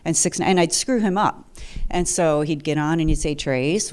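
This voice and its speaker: A woman's voice: low-pitched, normal speed, darkish tone, smooth. A woman in her fifties from the Detroit area, telling her personal story at a seminar in a chatty, humorous way. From Detroit area, USA. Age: 50s.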